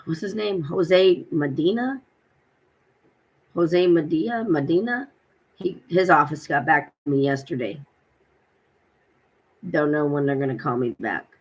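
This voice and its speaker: A woman's voice: sits low, measured pace, pauses often, husky. A woman vlogging casually, animatedly retelling phone calls and acting out both sides. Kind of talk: casual personal vlog.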